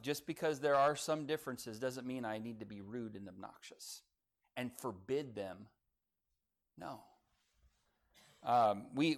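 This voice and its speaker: A man pastor preaching a sermon in a conversational way, full of asides like "look" and "okay?", swinging from loud emphasis to soft remarks. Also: a little high.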